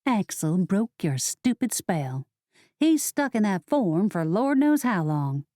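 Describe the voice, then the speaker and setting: A woman narrator voicing an angry young witch heroine in an audiobook, sharp and indignant. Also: medium pitch, sing-song, takes it slowly, dry recording, clean studio sound.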